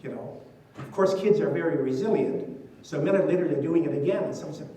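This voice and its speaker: A man's voice: fairly high pitch, quick pace, warm tone. An older man, a priest, giving a conversational talk full of stories and "you know" asides. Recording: distant mic in an echoey hall.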